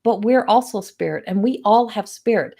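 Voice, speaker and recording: A middle-aged psychic medium hosts a livestream from home, talking casually to viewers at normal speed in a medium-pitched voice with vocal fry. She's chatty and animated, often slipping into quotes of other people, and it sounds like a webcam mic in a home room.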